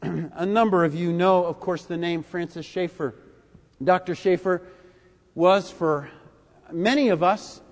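High-voiced older preacher. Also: male voice. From United States. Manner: deliberate and emphatic, with big swings in loudness. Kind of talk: sermon. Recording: echoey hall.

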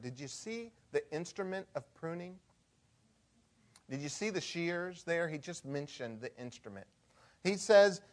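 Slow-paced male pastor preaching a sermon. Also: fairly high pitch, expressive. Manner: conversational preaching with wide swings from hushed to loud.

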